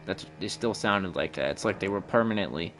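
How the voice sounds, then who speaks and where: Low-voiced, profane Midwestern streamer guy. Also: lively intonation, a little fast, a bit bright, soft background music. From Midwestern United States. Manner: profane, rambling, talks to chat. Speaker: game streamer. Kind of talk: casual live-stream chat while playing.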